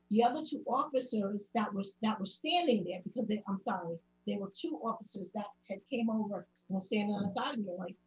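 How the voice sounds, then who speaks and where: Woman telling her story at a public meeting, earnest, mid pitch. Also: low-quality recording. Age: adult parent. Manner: earnest, recounting events in detail with many quotes. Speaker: public commenter. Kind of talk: personal testimony at a public meeting.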